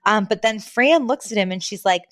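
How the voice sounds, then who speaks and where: A woman co-hosts a podcast and recaps a sitcom episode in easy, casual chat. She sounds animated and laughs often. The recording is dry and close. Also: medium pitch, brisk, no room sound. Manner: animated, laughs often, acts out quoted lines. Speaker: podcast co-host.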